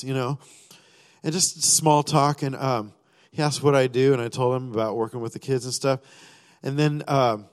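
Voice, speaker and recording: A man sharing a personal testimony during a sermon, rambling with many fillers and restarts, and acting out his own thoughts and prayers. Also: mid-range voice. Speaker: church speaker sharing a testimony. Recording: long reverb of a large hall.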